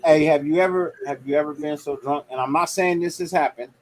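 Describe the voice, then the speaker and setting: A man's voice: on the high side, brisk, low-quality recording. A man talking drunk and rambling, swearing and laughing a lot in a casual chat over a video call.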